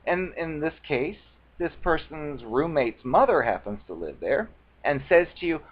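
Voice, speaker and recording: A man tells a personal story in an animated, casual monologue, his pitch swinging widely as he acts out the voices of others. He sits a bit higher than most men. The recording sounds dull and lo-fi. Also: a little slow, slightly rough. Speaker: video blogger.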